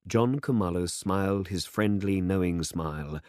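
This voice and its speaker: A man narrating a story for English learners in a measured, deliberate manner. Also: low voice, sing-song, darkish tone, no room sound, clean studio sound.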